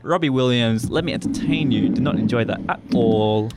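A man's voice: mid-range voice, moderate pace, very noisy. A man co-hosting a student radio show, joking and rambling with laughs. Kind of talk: casual radio banter.

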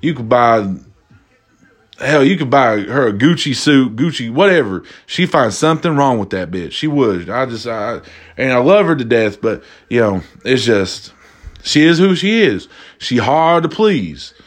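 Young guy rambling on his show, cussing a lot, doing little voices for people, mid-pitched voice. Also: unhurried. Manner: animated, profane, acts out quoted voices. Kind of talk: casual storytelling monologue.

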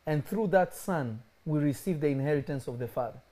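Young male pastor preaching warmly. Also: a little high, a little fast. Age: young adult. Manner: animated preaching, acting out quoted voices. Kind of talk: sermon.

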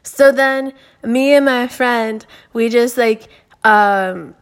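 A woman's voice: fairly high pitch, takes it slowly. A woman in her twenties hosting a podcast, telling stories in a rambling, profane way, full of fillers and restarts. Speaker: podcast host. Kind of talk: casual storytelling.

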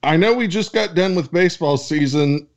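A man hosts the mailbag segment of a casual podcast. He jokes and swears as he reads the questions, in a slightly high voice. The audio sounds dull and lo-fi. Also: moderate pace. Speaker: podcast co-host reading mailbag.

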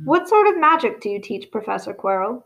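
A polite young boy asks plain, curious questions, as a woman reads him. His voice sits a little high. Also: very animated, a little fast, creaky, fairly bright tone, full character voice.

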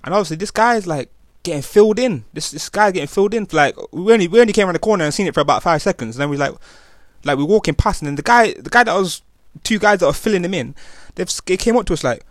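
Speaking fast with lively intonation and a voice on the high side, this young Englishman talks in Nottingham street slang, restarting often and using plenty of fillers. It's a casual personal testimony in an East Midlands accent, captured in a clean studio with no echo.

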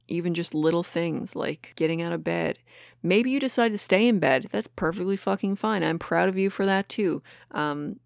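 Encouraging podcast host woman with fry. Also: sits low, no room sound, studio quality. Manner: earnest, encouraging, swears casually. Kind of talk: casual podcast monologue.

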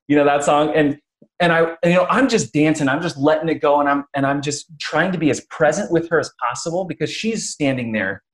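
A man hosting a casual interview who tells stories with energy. He slips into other people's voices as he retells what they said, with quick restarts and plenty of "you know.". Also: a little high. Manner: animated storyteller, acts out quotes. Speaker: podcast host.

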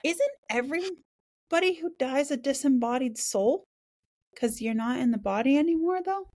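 A woman's voice: high-pitched, animated, moderate pace, darkish tone. A woman hosting a casual spiritual podcast, talking frankly, swearing now and then and laughing easily. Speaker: podcast host.

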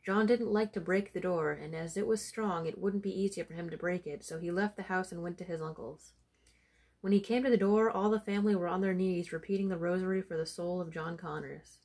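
Low-voiced woman reading a folk tale. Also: fairly quick. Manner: steady storytelling delivery. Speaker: storyteller.

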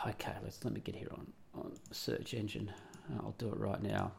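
A man's voice: lowish voice, flat delivery, normal speed, gravelly, breathy edge. An Australian man hosting a podcast in a rambling, blunt monologue, swearing freely. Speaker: podcast host. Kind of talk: casual opinionated monologue.

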